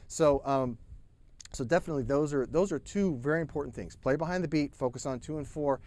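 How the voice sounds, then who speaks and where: A man's voice: fairly high pitch, fairly quick. A man giving a live-stream drum lesson, talking casually with lots of fillers and restarts, over a drum kit. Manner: relaxed, talkative, many fillers and restarts; counts aloud and scats rhythms over drumming. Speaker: drum teacher. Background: drums playing.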